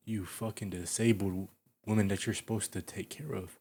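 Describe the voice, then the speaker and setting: Low-voiced man scolding in profane commentary. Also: fairly even intonation, fairly quick, a little mellow, breathy edge. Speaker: reaction video host. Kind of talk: reaction commentary.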